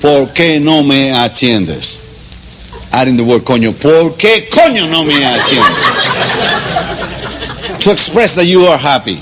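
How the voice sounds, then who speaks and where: A man from Cuba with a Cuban accent gives a playful, mock Spanish lesson, chuckling and drilling slow repetitions. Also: medium pitch, big pitch swings. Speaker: teacher. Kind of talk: comic mock language lesson. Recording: loud background noise.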